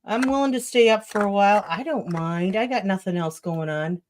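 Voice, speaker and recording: A woman's voice: mid-range voice, a little fast, darkish tone, slight background noise. A woman hosting a casual livestream chat, talking loosely and offhand with guests and laughing easily. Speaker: livestream host.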